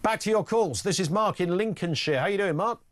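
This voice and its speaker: A man's voice: high voice, brisk. A British man hosting a talk radio phone-in, musing bluntly and conversationally with jokey asides. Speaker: radio talk show host. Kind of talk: opinion monologue and phone-in. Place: radio studio.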